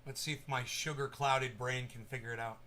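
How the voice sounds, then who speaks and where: A man chatting casually to viewers at home, rambling and swearing, jumping from loud bursts to mumbling. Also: mid-range voice, fairly even intonation, fairly quick, a little hiss or hum. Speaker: cannabis vlogger. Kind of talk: casual stoned chat to viewers.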